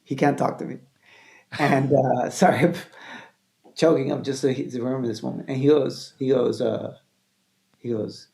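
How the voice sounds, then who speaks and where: A man from Venezuela, a filmmaker guest, telling a story in casual chat, animated, repeating phrases and acting out quotes. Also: mid-range voice, normal speed, gravelly, long pauses.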